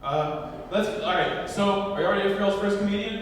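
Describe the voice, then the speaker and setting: A man from Louisiana hosting a comedy show, telling a crude story in a lively stand-up manner. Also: sits high, fairly quick, few pauses, heavy background noise. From Louisiana, US South. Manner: lively, crude, swings from quiet to loud. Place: comedy club. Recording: echoey club, mic far off.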